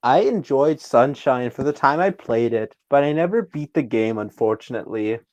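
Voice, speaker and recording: A young man hosting a casual podcast, goofy and quick to laugh, putting on an exaggerated persona voice. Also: mid-range voice, expressive, a little mellow, dull audio. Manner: giggly, goofy, breaks into laughter often; adopts a deliberately exaggerated persona voice. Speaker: podcast host.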